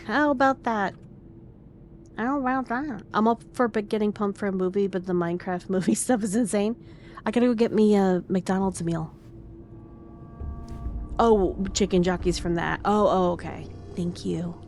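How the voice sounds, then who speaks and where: A woman's voice: medium pitch, steady tone, moderate pace, mellow, slight background noise. A young woman streamer chatting casually with her viewers, greeting them by name and often dropping to a whisper. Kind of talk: casual live-stream chat.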